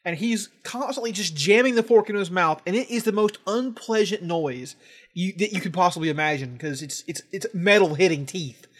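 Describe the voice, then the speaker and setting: A young man co-hosting a podcast, animated and mock-outraged, swearing freely in casual chat. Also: high-pitched, moderate pace. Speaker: podcast co-host.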